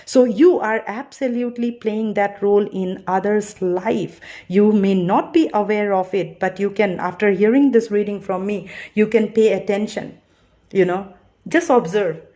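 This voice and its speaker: A woman with a medium-pitched, slightly mellow voice gives a tarot card reading, captured on a muffled recording. She's chatty and earnest, peppering her talk with "you know" and "all right" in a reassuring way.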